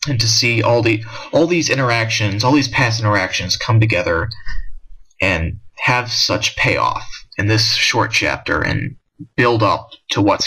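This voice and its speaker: A man's voice: fairly low pitch, bright, forceful tone, poor audio. A man giving a casual, rambling spoken review of a comic chapter, with frequent restarts and filler words. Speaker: manga discussion vlogger.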